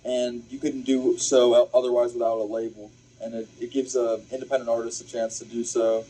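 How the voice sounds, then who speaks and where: A man speaks in a husky, dark, mellow voice as a guest on a show. He answers casually, halting with fillers and restarts, in a flat, even delivery. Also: mid-range voice, rough recording. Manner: hesitant, many fillers and restarts. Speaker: independent musician guest.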